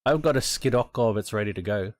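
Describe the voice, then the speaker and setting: A man's voice: on the low side, lively intonation, quick pace, no room sound. An Australian man streaming a racing sim, chatting casually to viewers, thinking aloud and swearing freely. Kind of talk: casual gameplay chat.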